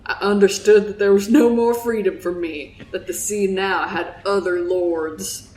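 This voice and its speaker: A woman voicing a haunted old drunk sailor with a put-on Southern accent, telling his tale slowly and solemnly. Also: medium pitch, fairly even intonation, a little mellow, close to an everyday voice. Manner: slow, solemn storytelling, breaking into giggles. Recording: roomy echo.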